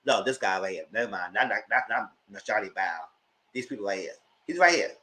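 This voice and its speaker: A man with a bright, forceful voice gives a casual live review of a reality TV episode. He talks in a chatty, emphatic way, speaking straight to his audience. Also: lowish voice, brisk, rough recording. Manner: chatty and emphatic, addressing viewers directly. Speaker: host reviewing a reality TV show.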